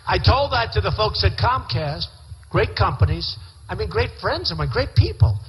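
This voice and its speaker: A man's voice: sits high, very animated, normal speed, fairly bright tone. A man giving a campaign rally speech as a presidential candidate. His talk is boastful, rambling and repetitive, delivered into a podium microphone in a large indoor venue. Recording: large hall reverb, faint crowd noise.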